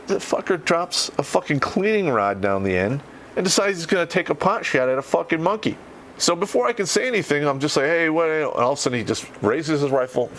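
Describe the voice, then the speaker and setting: A man's voice: on the high side, a bit bright, slight background noise. A middle-aged man who swears freely while casually telling a war story on a podcast and laughs as he goes. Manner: profane, laughs through the telling.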